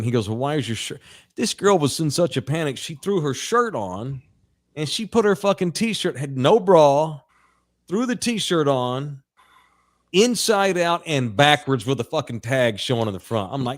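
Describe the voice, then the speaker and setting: A man's voice: on the high side, expressive, normal speed. Man telling a crude laughing story. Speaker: podcast co-host. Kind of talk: casual storytelling chat.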